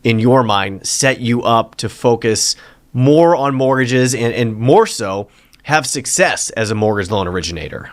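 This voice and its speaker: A man's voice: mid-range voice, animated, dry recording. A man hosting an interview, asking conversational questions with small restarts. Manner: conversational, lightly halting questions. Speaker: podcast host.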